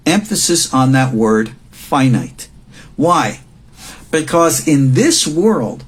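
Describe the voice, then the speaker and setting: A rabbi in his sixties gives a recorded lecture, speaking slowly in a husky, mid-range, sing-song voice. He is emphatic and repeats words to stress them.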